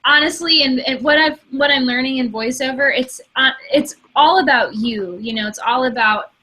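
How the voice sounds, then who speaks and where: Young michigan gal, bright and a bit high, chatty and laughing a lot. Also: female voice, moderate pace. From Michigan, USA. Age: 20s. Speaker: co-host. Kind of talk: casual chat.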